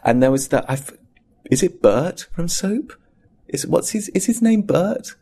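A man talking as an actor in an interview, telling anecdotes in an animated, casual way and acting out bits of scenes. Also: high voice, a little slow, husky. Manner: animated storyteller, acts out scenes.

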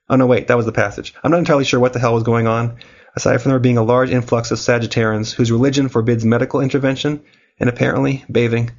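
A man's voice: medium pitch, muffled recording. Man with a cold hosting a podcast. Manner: wry, joking delivery. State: has a cold. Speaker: podcast host. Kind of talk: casual chat and scripted recap.

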